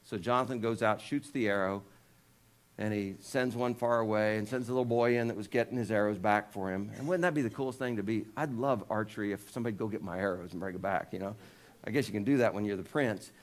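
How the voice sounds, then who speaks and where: A male pastor preaching a sermon, retelling scripture in a casual storytelling way with jokes and asides, raising his voice when he quotes the people in the story. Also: fast talker. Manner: lifts pitch and volume when voicing quoted figures.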